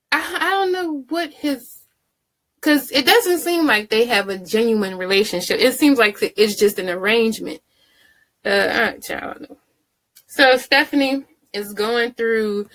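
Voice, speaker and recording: A woman casually recapping and reviewing a TV drama episode, chatty and candid, with quick asides. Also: fairly high pitch, a bit bright.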